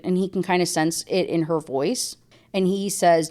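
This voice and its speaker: A woman's voice: lowish voice, lively intonation, normal speed, darkish tone. A young woman giving a casual, rambling book review rant, exasperated and slangy, reading passages aloud between asides.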